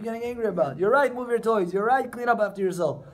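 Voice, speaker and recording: A man's voice: very high-pitched, brisk, fairly bright tone. A man, a rabbi, giving an informal class to a small group of students, talking conversationally and turning to them directly. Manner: conversational, addresses students directly, acts out quotes. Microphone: camera recording the class.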